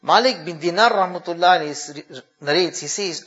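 A man's voice: on the high side, a little fast, few pauses, fairly bright tone, dull audio. A man preaching a sermon, telling a dramatic story and weaving Arabic phrases into English.

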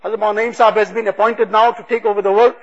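A man giving a religious talk, retelling stories with quoted dialogue in a husky voice. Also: high-pitched, level tone, very fast. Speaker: religious speaker. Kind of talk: sermon storytelling. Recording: dull lo-fi recording.

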